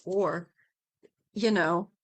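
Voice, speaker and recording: A middle-aged woman hosting a live tarot stream, chatting gently and rambling with many fillers. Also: on the low side, very slow, dry recording. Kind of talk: casual live-stream chat.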